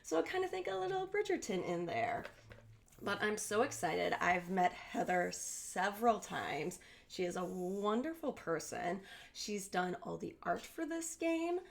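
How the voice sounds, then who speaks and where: Bubbly woman with a gravelly edge. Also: mid-range voice, sing-song, measured pace. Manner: bubbly and enthusiastic. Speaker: guest content creator. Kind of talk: recorded video segment.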